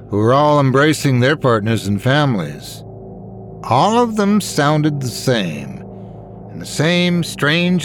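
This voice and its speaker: A man reading scary stories as a dramatic, expressive narrator. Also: medium pitch. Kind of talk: scripted horror story narration.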